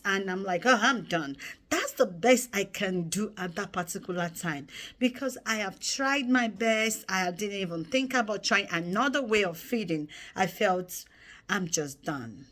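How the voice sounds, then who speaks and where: A woman speaking earnestly in a personal storytelling vlog, turning animated as she acts out memories. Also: mid-range voice. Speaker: vlogger.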